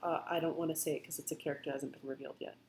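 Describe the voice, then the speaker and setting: A woman's voice: deep voice, fairly even intonation, racing, a little mellow, low-quality recording. A woman drawing live on stream, chatting playfully and thinking aloud about characters. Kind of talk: casual chat.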